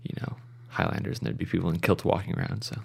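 A man's voice: deep voice, fairly even intonation, fast, gravelly, slightly rough. A man co-hosting a podcast, laid-back and easily amused in casual chat. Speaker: podcast co-host.

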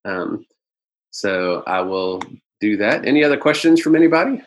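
A man with a fairly low voice presents a business webinar over a video call. He speaks in a halting way, pausing often and filling the gaps with "um" and "uh". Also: lively intonation, low-quality recording. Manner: halting, many fillers.

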